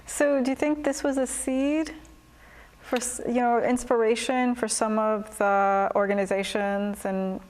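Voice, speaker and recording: Woman, talk show host, fairly high voice, short reactions, guiding questions. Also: little pitch movement, measured pace, a little mellow, a little hiss or hum, rough recording. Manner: gives short reactions, then asks guided questions. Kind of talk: interviewing.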